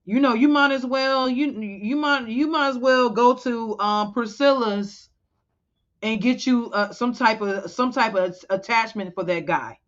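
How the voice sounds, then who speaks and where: Woman giving a casual sermon, slightly muffled. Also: fairly high pitch. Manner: casual, conversational, pausing to check scripture. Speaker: women's teacher in a religious congregation. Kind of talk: informal sermon to women.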